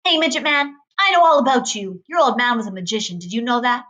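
A woman's voice: fairly high pitch, lively intonation, fast talker, bright, forceful tone. A woman reading aloud, voicing a brash, mocking tough woman in a storybook. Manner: taunting, sassy.

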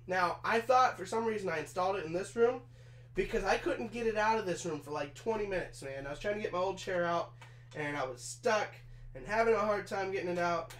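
A man's voice: sits high, fairly quick, fairly bright tone. A man in his twenties chatting casually with his live chat while he assembles a chair, swearing now and then, hot and sweaty from the work. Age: 20s. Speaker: streamer. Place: small room in his trailer. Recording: echoey room with faint hum.

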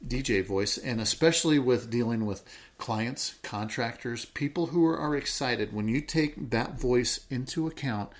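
A podcast co-host chats casually, explaining his ideas through stories from work, his voice at an ordinary male pitch. Now and then he slows right down into a low, calm, downward-falling voice to show it off.

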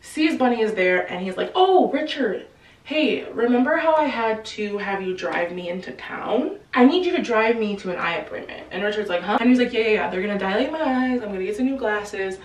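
A woman casually retelling a novel's plot in a chatty, slangy way, quickly acting out the characters' lines. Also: medium pitch, animated, reverberant, far from the mic, low-quality recording. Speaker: book explainer. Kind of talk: casual book recap.

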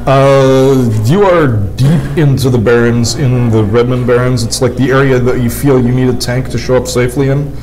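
A man running a tabletop game as game master, describing scenes with frequent pauses and fillers. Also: medium pitch, fairly even intonation, rough recording. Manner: hesitant, with many fillers.

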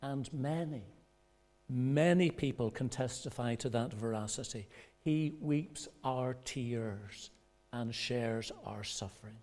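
A male pastor preaching a sermon in a measured way, pausing for effect and rising in pitch when he quotes others. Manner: measured preaching with dramatic pauses; rises in pitch and loudness when quoting voices. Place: church.

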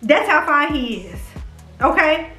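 Bright-voiced woman gushing in an echoey room. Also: high-pitched, expressive, a little slow. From Houston, Texas. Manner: gushing and profane, teasing the viewers. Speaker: vlogger. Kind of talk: casual chat, smash-or-pass reactions. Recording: echoey room, faint music.

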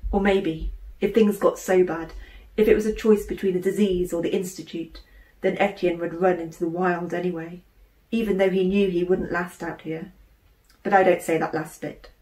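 A woman, an author, reading her children's novel aloud in measured, expressive narration. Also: fairly low pitch. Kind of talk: audiobook narration. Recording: roomy room echo.

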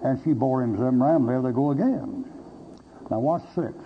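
A man's voice: medium pitch, normal speed. A male pastor preaching a sermon, telling folksy stories with blunt humor and acting out both sides of conversations. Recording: dull lo-fi recording with faint hiss.

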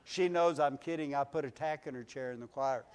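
A man pastor preaching a folksy sermon in a church, building to near-shouts on his refrains. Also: mid-range voice, fairly quick, clean tone. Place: church sanctuary.

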